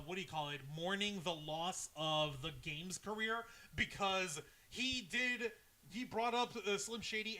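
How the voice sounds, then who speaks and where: A man co-hosting a live wrestling review show, excitable and rambling, reacting loudly to the other host. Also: high voice. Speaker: podcast co-host. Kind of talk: casual wrestling review chat.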